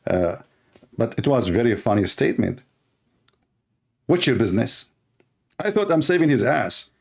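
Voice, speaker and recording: A man ranting through an online commentary in a blunt, mocking way. He repeats his points, slips in insults and drops his voice low for asides. His pitch sits at an ordinary middle level. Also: big pitch swings, normal speed, vocal fry.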